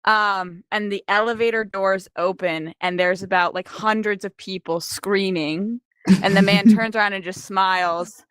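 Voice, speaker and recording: A woman's voice: mid-range voice, steady tone, a little slow, fairly bright tone, clean tone, dry recording. Chatty young woman telling stories. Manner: rambling, chatty, frequent fillers and laughs. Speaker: co-host. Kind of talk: casual storytelling chat.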